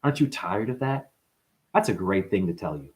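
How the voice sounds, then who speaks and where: A man hosting a spiritual livestream, talking to his chat in an animated way, calling listeners honey and chanting mantras. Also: low voice, fairly quick.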